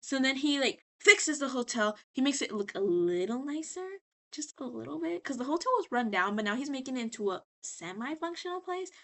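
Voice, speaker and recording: A woman's voice: high voice, expressive, a little fast. A tipsy woman rambling sassily as she recaps a show in a casual vlog. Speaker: vlogger.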